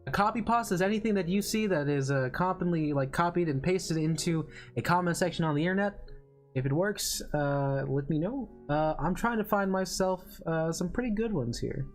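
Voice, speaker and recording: A man's voice: sits high, lively intonation, moderate pace, soft background music. A man streaming casually, reading internet copypastas with mock-menacing dramatic delivery.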